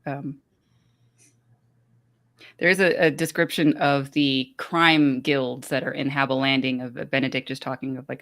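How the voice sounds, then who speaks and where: A podcast host walks through book chapters in a loose, rambling recap. The delivery is hesitant and full of fillers, at an ordinary middle pitch. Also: flat delivery, moderate pace, fairly bright tone.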